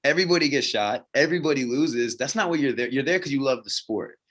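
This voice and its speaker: This is a young man with a drawl, chatting as a podcast guest in an animated, earnest way. His voice sits at a medium pitch, and he leans on "like" as he talks. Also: fast talker. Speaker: guest paintball player. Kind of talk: casual podcast chat.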